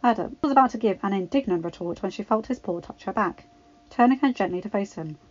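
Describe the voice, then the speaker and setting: A woman narrating a fanfiction story in an even, measured reading voice. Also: mid-range voice. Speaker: fanfiction reader. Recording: dull lo-fi, dry.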